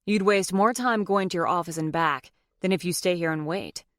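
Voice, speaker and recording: A woman's voice: on the low side, normal speed, no room sound, clean studio sound, close to an everyday voice. Woman reading as a wry, persistent male lawyer. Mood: cool.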